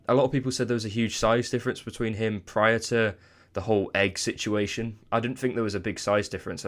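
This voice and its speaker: A man giving casual solo commentary on boxing, chatty and hedging with asides. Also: lowish voice. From United Kingdom. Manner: chatty, hedging with "I mean" and "let's be honest".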